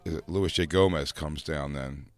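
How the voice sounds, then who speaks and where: A man co-hosting a casual comedic podcast in a studio, telling stories loudly and shouting when he acts out scenes. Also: rumbling low, moderate pace. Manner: loud storytelling, shouts when acting out scenes.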